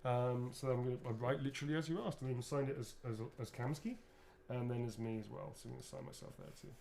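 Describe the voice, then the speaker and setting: A man in mid pitch talks loosely and rambles while he signs items, dropping casual swears. His speech is informal and unscripted, with a faint hiss of room noise underneath. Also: fairly even intonation, fast, creaky, a little mellow. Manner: rambling, chatty, swears freely. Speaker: actor signing autographs. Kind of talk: casual livestream chat.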